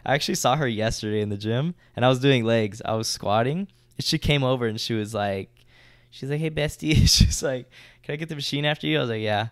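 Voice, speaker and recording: A man's voice: medium pitch, brisk, clean tone, dry recording, clean studio sound. A young man co-hosting a podcast, telling a story in a loose, slangy, swear-filled way. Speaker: podcast co-host. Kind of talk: casual storytelling chat.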